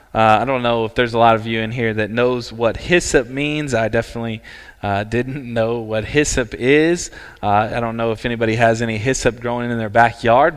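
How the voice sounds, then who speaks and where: A man preaching a sermon as pastor, earnest and emphatic, with dramatic pauses. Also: fairly high pitch, fairly bright tone. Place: church sanctuary. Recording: church hall reverb.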